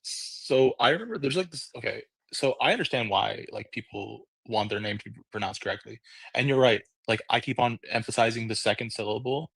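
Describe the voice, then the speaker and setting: A man's voice: medium pitch, fairly quick, creaky, a bit bright, breathy edge, dry recording. A man speaking on an online panel, hesitant and full of fillers and restarts. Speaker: audio room panelist. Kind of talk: casual discussion.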